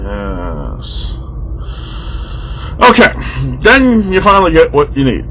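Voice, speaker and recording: A man's voice: on the high side, huge pitch swings, takes it slowly, fairly bright tone, slight background noise. A young man ranting on his vlog, exasperated and sarcastic, swearing freely. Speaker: vlogger. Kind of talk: comedic rant.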